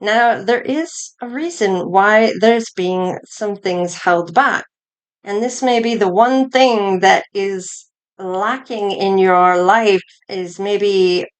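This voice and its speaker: A woman's voice: mid-range voice, smooth. A woman giving a collective tarot reading, musing aloud as she turns over each card. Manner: slow, musing, thinking aloud between cards. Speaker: tarot reader.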